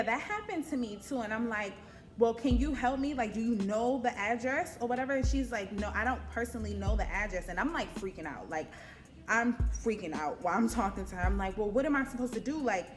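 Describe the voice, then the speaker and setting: A young woman vlogger telling a casual storytime, animated, swearing and acting out her own panicked quotes. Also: on the high side.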